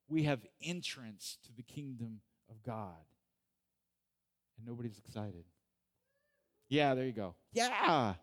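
A middle-aged male pastor preaching a sermon in a conversational, joking way, often asking the congregation questions. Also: medium pitch.

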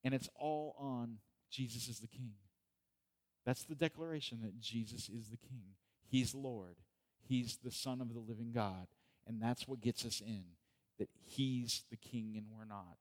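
A middle-aged pastor preaches to his congregation in a relaxed, conversational voice. He jokes and checks in with his listeners. His pitch sits in an ordinary middle register. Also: unhurried. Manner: conversational and joking, asks the congregation questions. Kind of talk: sermon.

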